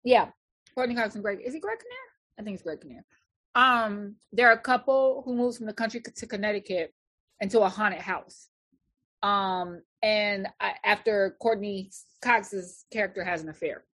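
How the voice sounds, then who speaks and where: A woman's voice: mid-range voice, lively intonation, moderate pace, a bit bright. A woman in a casual chat, talking in a blunt, chatty way.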